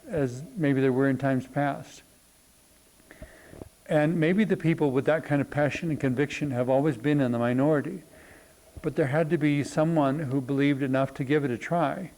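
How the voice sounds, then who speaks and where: Man musing slowly on spirituality. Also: on the high side, darkish tone, poor audio. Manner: thoughtful, unhurried, many ums and pauses. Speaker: spiritual talk host. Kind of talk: reflective spoken talk.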